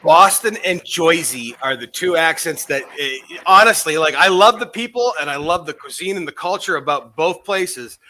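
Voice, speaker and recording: A man co-hosts a podcast in blunt, casual chat and swears as he talks. His voice is bright and a touch high. The sound is dry and close. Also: no echo, rough recording. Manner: blunt, profane, candid. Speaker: podcast co-host.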